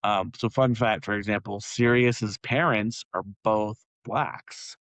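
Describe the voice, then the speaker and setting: A man's voice: fairly low pitch, steady tone, takes it slowly, fairly bright tone, no room sound, rough recording. A man co-hosting a podcast, chatting casually and rambling with many fillers and laughs. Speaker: podcast co-host. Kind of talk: casual chat.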